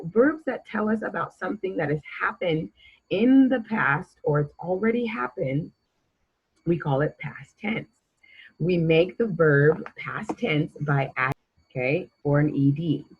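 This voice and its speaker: Slow, husky woman teaching children. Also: low voice, animated, muffled recording. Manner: patient, encouraging, quizzing the listener. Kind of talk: grammar lesson for children.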